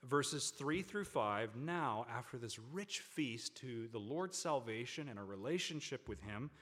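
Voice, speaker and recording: A man preaching a sermon to a congregation, with emphatic, drawn-out stresses on key words. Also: mid-range voice, animated, a bit bright. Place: large hall with a congregation. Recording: long hall reverb.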